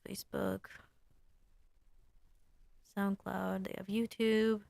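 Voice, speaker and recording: A woman's voice: mid-range voice, level tone, slow pace, vocal fry, darkish tone, no echo. A woman sign designer talking casually through her design work, thinking aloud and muttering to herself at a desk mic. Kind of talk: casual screen-share design walkthrough.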